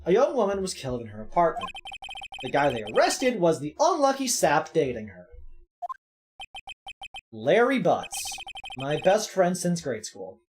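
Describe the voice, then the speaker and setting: A woman's voice: sits low, wildly swooping pitch, a little slow, pauses often, background noise, full character voice. Phoenix Wright, a woman reading as a rookie lawyer. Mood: narrating. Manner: reading narration aloud, jokey asides. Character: nervous rookie male defense lawyer.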